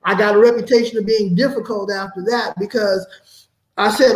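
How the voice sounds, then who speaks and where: A comedian guest on a chat show, telling animated and profane stories in a casual way. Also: male voice, high-pitched, fairly quick, echoey room, slight background noise, rough recording. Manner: animated profane storytelling with laughs.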